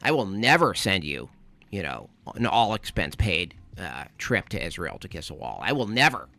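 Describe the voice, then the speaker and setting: A man's voice: low voice, very animated, normal speed, vocal fry, bright, forceful tone, no echo, full character voice. A man putting on the voice of a pompous, preachy conservative pundit, fussing and lecturing in a comedic impression. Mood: scolding. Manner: pompous, scolding, fussy. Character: smug, preachy male conservative pundit, middle-aged.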